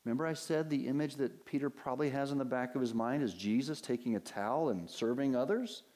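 A man's voice: medium pitch, quick pace, darkish tone. A male pastor preaching a sermon from the pulpit, earnest and emphatic, with many rhetorical questions. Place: church sanctuary at a pulpit.

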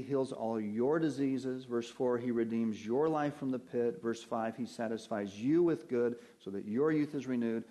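A man preaching a sermon, reading Bible verses slowly and deliberately and putting questions to his listeners. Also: mid-range voice, warm tone. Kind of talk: sermon teaching from Scripture.

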